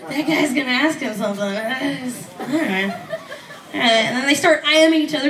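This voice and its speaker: A woman's voice: sits high, lively intonation, fairly quick, far from the mic. A woman doing a stand-up comedy set, rambling and profane, laughing often as she talks. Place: small comedy club stage. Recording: echoey club, mic heard from afar, loud crowd.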